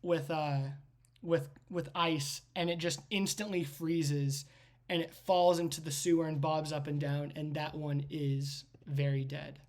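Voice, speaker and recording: A woman's voice: sits low, steady tone, unhurried, a little mellow. A woman game master narrating a tabletop game with vivid, rambling storytelling. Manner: vivid storytelling with frequent restarts.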